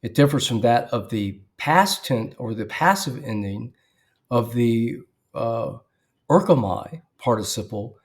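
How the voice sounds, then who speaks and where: A man teaching at an unhurried, measured pace. He works methodically, stopping to spell things out letter by letter. He often clears his throat mid-sentence. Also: mid-range voice, lively intonation. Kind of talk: verse-by-verse teaching.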